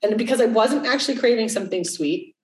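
A woman's voice: fairly high pitch, expressive, fast. A middle-aged woman co-hosting a podcast, chatting candidly and swearing freely. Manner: candid, swears freely, acts out quoted voices. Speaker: podcast co-host. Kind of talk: casual podcast chat. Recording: roomy, slightly distant mic.

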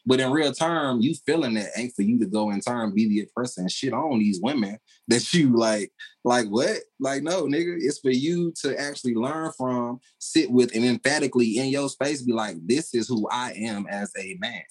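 A man's voice: medium pitch, moderate pace, slightly rough, low-quality recording. A man in casual podcast conversation, talking emphatically in slang and laughing often.

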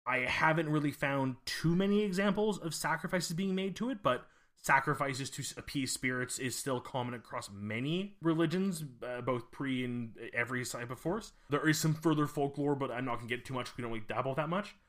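A man co-hosts a casual podcast, his voice sitting at an ordinary middle pitch. He rambles through his thoughts, stopping to restart sentences and filling gaps with "uh" and "like". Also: a little fast, hardly any pauses, a bit bright. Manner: rambling, hesitant, with many fillers and restarts. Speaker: podcast co-host.

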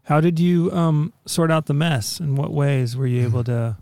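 A man's voice: on the high side, flat delivery, normal speed, vocal fry, dark tone, no room sound, clean studio sound. A man interviewing, asking long searching questions with many restarts.

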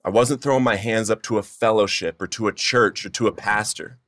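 A man's voice: fairly low pitch, fairly even intonation, brisk, no room sound, studio quality. A young man telling his recovery testimony in an earnest, emotional way. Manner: earnest, emotional storytelling, rising to near-shouting in retold pleas. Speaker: testimony speaker.

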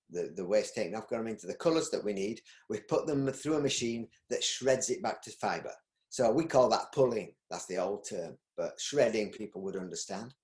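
A man's voice: fairly low pitch, darkish tone. Rambling middle-aged Yorkshire man. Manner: rambling, with frequent restarts and ums. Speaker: interview guest, business owner. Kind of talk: casual interview. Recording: roomy echo.

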